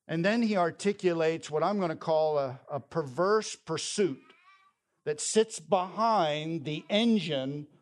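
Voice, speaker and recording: A man preaching a sermon as pastor, reading scripture and explaining it in a deliberate, emphatic way. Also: a little high.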